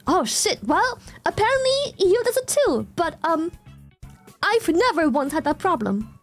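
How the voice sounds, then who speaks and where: A woman from Germany chatting casually on stream, telling stories in an excitable, animated way and swearing freely. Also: very high voice, a little slow, soft background music. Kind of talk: casual chat.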